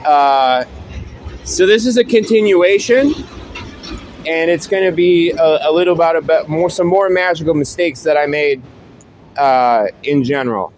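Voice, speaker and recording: Dude rambling casually to camera, kinda high voice, swears a lot, faint hiss behind. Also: male voice, a little slow, a little mellow. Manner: rambling, profane, with frequent restarts and fillers. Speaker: host. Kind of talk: casual monologue.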